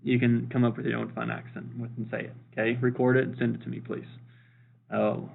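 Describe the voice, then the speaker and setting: Gravelly-voiced man teaching a math lesson. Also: medium pitch, flat delivery, a little fast, a little hiss or hum. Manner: upbeat and jokey, repeats key points. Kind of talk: recorded classroom lesson. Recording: tinny phone-like lo-fi sound.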